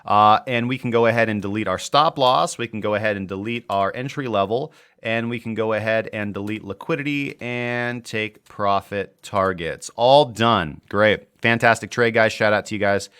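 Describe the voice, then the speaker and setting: A man's voice: on the low side, moderate pace, hardly any pauses, a bit bright, smooth. A young man hosting a casual live market-analysis stream, chatty and joking as he reads viewer comments aloud. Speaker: crypto trading livestream host.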